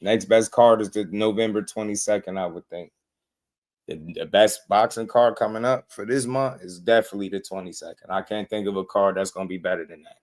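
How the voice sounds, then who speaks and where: A man's voice: lowish voice, fairly quick. A man hosting a boxing channel, ranting in casual commentary, repeating himself and calling listeners bro. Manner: animated, repetitive, slangy, calls listeners bro.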